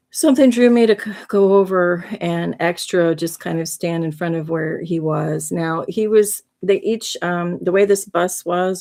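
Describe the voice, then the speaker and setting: A woman's voice: on the low side, gravelly, a little mellow. A woman hosting a livestream, telling a heartfelt spiritual story in an earnest, rambling way. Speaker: livestream host.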